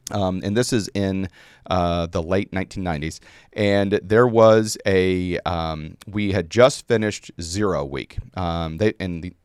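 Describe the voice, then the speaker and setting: Middle-aged male guest, low smooth voice, rambling anecdotal delivery in a dry room. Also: measured pace, a little mellow, no echo. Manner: rambling with many fillers and restarts. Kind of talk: storytelling in a conversation.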